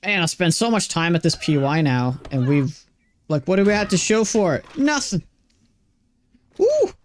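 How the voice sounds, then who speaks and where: A man's voice: on the high side, animated, normal speed. Chatty Swedish-accented young man streaming. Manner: chatty, self-deprecating, many restarts and fillers. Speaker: game streamer. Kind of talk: casual chat while gaming.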